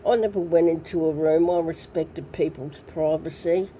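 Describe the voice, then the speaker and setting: A woman telling her own story in a hesitant way, full of ums and pauses. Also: sits low, steady tone, mellow, slight background noise. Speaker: interviewee recounting her past. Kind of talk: personal storytelling.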